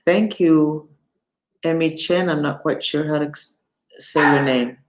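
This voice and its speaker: A woman who teaches mantras and meditation, giving an unhurried live-streamed lesson and talking straight to her viewers. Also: deep voice, noisy background. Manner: unhurried, talks to viewers and reads the chat aloud.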